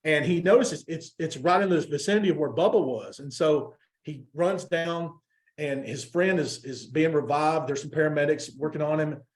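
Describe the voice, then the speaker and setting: A man's voice: a little high, moderate pace. A man on a team call telling a humorous story in a folksy way, voicing the characters as he goes. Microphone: online call.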